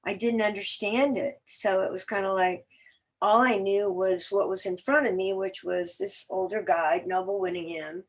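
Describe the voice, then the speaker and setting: A woman's voice: mid-range voice, moderate pace. Chatty woman telling stories. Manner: chatty, animated storyteller. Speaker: guest actor. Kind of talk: casual interview chat.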